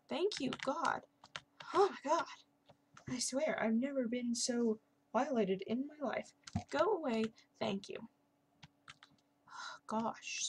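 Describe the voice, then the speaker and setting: A young woman who hosts a gaming channel casually comments over her Minecraft gameplay, chatty and sarcastic with self-mocking asides. Her voice is a little high. There is slight background noise, including keyboard and mouse clicks.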